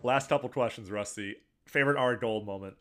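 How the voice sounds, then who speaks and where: A man's voice: medium pitch, quick pace, soft background music. A man co-hosting a podcast who recounts scenes as an upbeat storyteller in casual chat. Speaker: podcast co-host.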